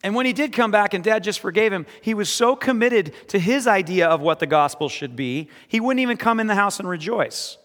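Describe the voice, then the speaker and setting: A male pastor preaches in a somewhat high voice, shifting between quiet, earnest scripture reading and emphatic exhortation. His intonation is lively and a little fast, with hardly any pauses, and a long reverb carries the sound across a large hall.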